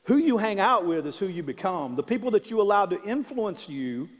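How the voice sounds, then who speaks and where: Pastor, male, higher-pitched, punchy repetitive sermon delivery in a reverberant church hall. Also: very animated, fairly quick. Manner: emphatic, conversational preaching with repetition. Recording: long hall reverb, dull sound.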